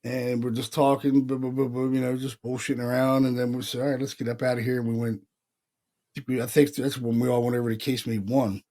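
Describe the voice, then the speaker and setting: A man's voice: medium pitch, level tone, fast, dark tone. A man from Pennsylvania co-hosting a paranormal podcast, telling stories loosely, acting out the voices he heard and swearing casually. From Pennsylvania, USA. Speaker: podcast co-host, paranormal investigator. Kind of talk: casual chat.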